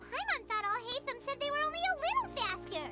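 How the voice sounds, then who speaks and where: A woman voicing a tiny, chirpy, fairy-like game companion with a childlike, squeaky voice. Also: sing-song, fast. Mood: excited. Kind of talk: game voice acting. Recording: game dialogue over music.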